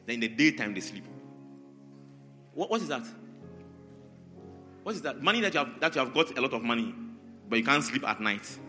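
Male preacher, animated, bright and slightly high voice, reverberant hall. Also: fairly quick, long pauses. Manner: animated, repetitive, calls out congregants by name. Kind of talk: sermon. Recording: large hall reverb, faint music.

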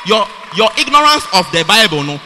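A high, bright-voiced man preaching with a lively, swooping delivery. He repeats and restarts his phrases emphatically, and his voice rings with the long reverb of a church hall. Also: brisk, slight background noise. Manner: animated, repetitive, emphatic with many restarts. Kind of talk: sermon.

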